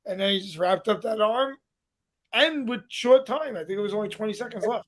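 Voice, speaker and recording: Brooklyn guy on a podcast, pretty high voice, chatty, short punchy bits. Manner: chatty, talks fight breakdowns in quick bursts. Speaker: podcast co-host. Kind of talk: casual podcast chat.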